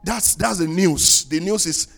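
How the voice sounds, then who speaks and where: A high-voiced man delivers a church sermon with emphatic preaching. He rises into loud, sung-out phrases and drops to low, quiet asides. Faint music sits behind him. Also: unhurried, gravelly. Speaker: pastor. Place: church in Canada.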